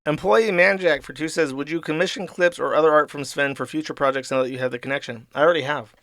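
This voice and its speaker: Chatty, slightly high man, dry close sound. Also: fast, fairly bright tone, dry recording. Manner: loose, rambling, laughs often and swears. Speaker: livestream host. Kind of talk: casual livestream reading viewer donations.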